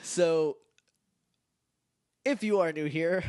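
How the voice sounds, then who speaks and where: A man's voice: fairly high pitch, extremely slow, a little mellow, smooth, no room sound, studio quality. A man co-hosting a casual podcast, a little nasal and stuffed up, rambling and laughing often. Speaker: podcast co-host. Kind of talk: casual chat.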